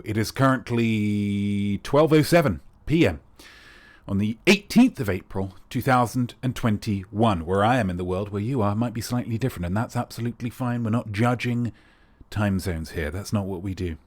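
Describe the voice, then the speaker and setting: An English man with a refined RP accent, hosting a live-streamed character comedy show in a grandiose, theatrical manner. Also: medium pitch. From England. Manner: grandiose, theatrical, playfully pompous. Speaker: streamer host.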